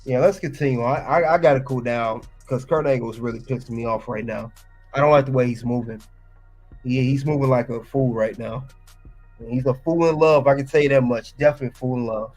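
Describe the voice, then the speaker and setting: A man's voice: mid-range voice, brisk, a little mellow, faint music behind. Ranting man reacting to a clip. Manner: fired up, ranting and scolding. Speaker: reaction video host.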